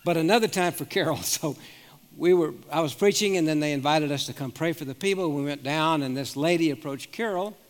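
A man's voice: on the high side, brisk. A man in his seventies, a pastor telling personal stories in an earnest sermon, often restarting his sentences. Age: 70s. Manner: earnest storytelling with frequent restarts. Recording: long reverb of a large hall.

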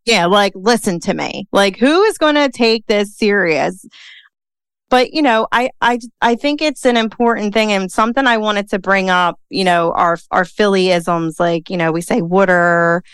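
A woman's voice: medium pitch, moderate pace, smooth, no echo. A woman with a Philadelphia accent hosting a casual podcast conversation, chatty and peppered with "like" and "you know.". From Philadelphia, USA. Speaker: podcast host and coach.

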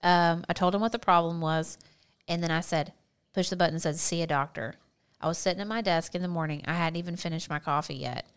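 A woman tells stories in a casual chat, her voice sitting a little low. She is animated and laughs readily, dropping the odd swear word. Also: quick pace, clear, resonant tone. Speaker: podcast co-host.

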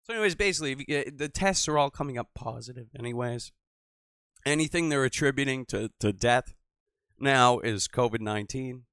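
A man hosting a call-in show, rambling and swearing, swinging from mutters to loud outbursts. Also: mid-range voice, brisk, smooth, no room sound, clean studio sound. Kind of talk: profane casual call-in show.

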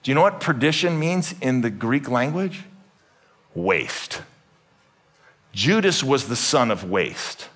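Animated man preaching a sermon. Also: medium pitch, slow pace, pauses often. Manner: animated, jokey, swings between loud emphatic bursts and soft asides. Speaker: pastor. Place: church hall with congregation.

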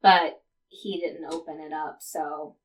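A woman's voice: sits low, steady tone, slow pace, a crowd in the background, rough recording. Woman podcast co-host, chatty storyteller, lots of fillers and laughter. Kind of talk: casual chat, telling a history story.

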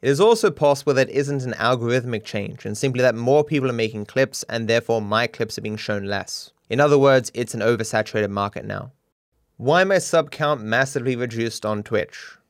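A man's voice: medium pitch, a little fast. A young man, a streamer rambling casually, candid and self-deprecating, swearing freely.

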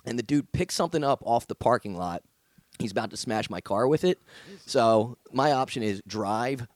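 A man, a stand-up comedian, telling a story in casual chat, profane and animated, acting out the people in it. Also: medium pitch, moderate pace, dry recording.

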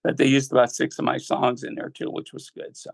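A man's voice: mid-range voice, completely flat delivery, fairly quick, gravelly, dry recording, low-quality recording. An older man from Ohio, a musician guest, telling rambling anecdotes in a casual interview, repeating words as he goes. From Ohio, United States.

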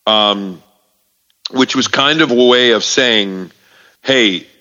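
A man talking casually about faith, halting, with many fillers and restarts. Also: medium pitch, sharp tone. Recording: distant hall echo, muffled sound.

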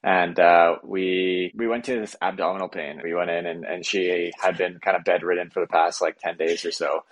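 A man from emergency medical services tells a night-shift story in easygoing podcast chat, with many "uh"s. His voice is very low. The sound is dry and close. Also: steady tone, normal speed, no echo. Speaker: EMS worker.

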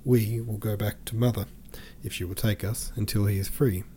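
A man voicing a distraught middle-aged woman pleading tearfully with her brother, in a low, mellow reading voice. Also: fairly even intonation, moderate pace, a little hiss or hum, natural voice. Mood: despairing. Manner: pleading, tearful, breathless run-on speech.

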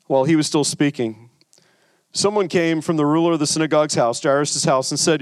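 A man's voice: on the high side, brisk, dry recording. A man pastor delivering a sermon in a conversational way, often stammering and repeating words.

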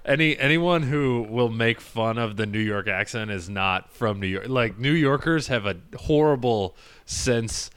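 A man's voice: mid-range voice, animated, a little slow, a bit bright, smooth. A man hosting a podcast, chatting in a loose, upbeat way with plenty of fillers. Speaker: podcast host. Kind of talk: casual podcast chat.

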